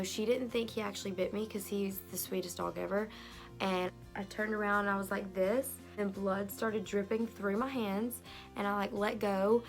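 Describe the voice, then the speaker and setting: Young female vlogger, chatty storytime delivery, phone mic, faint background music. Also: medium pitch. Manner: fillers and lively retelling with quoted voices. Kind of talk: storytime vlog.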